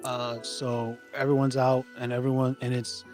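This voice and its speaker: A man playing a tabletop game, joking and teasing the others in quick banter. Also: mid-range voice, monotone, over music. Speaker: player. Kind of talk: casual tabletop game chat.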